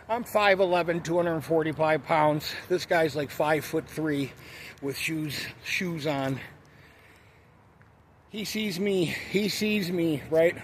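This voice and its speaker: A man's voice: fairly high pitch, a little hiss or hum. A man telling a story in a blunt, profane, ranting way, in a casual monologue. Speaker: vlogger.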